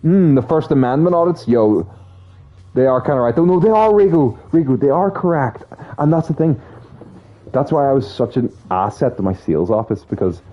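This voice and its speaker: A man's voice: medium pitch, moderate pace. A young man chatting casually to his stream audience, swearing a lot as he tells rambling stories. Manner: profane, rambling, animated storytelling. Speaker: streamer talking to chat. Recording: slightly dull sound with faint music. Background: faint music.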